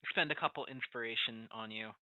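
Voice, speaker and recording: A player in a tabletop game, describing a healing action in a soft-spoken way. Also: mid-range voice, brisk, slight background noise. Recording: dull, dry, lo-fi mic.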